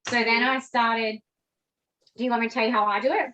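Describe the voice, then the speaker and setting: An Australian woman talking through a braiding technique in a loose, chatty way as she works on a mannequin. Her voice sits a little high and she keeps things casual. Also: a little fast, rough recording. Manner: chatty and animated, demonstrating on a mannequin. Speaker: braiding teacher. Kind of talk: casual hair braiding tutorial on a video call.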